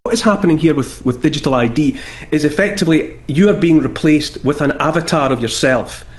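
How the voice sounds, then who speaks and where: A man's voice: on the high side, brisk. A Scottish man appearing as a TV guest, arguing his point firmly and emphatically, repeating phrases for force. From Britain. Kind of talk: earnest political argument.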